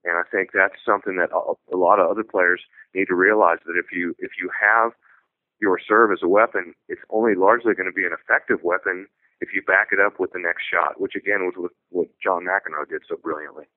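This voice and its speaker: A tennis coach talking on a radio show, telling stories in a relaxed, conversational way. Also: male voice, deep voice, a little fast, no echo. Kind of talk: radio talk show discussion. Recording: tinny phone-like radio audio.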